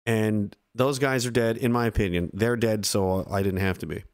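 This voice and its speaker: A man's voice: on the low side, steady tone, moderate pace, smooth. A man in his thirties from Canada, a veteran streamer giving blunt, profane, heated commentary to his live chat. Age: 30s.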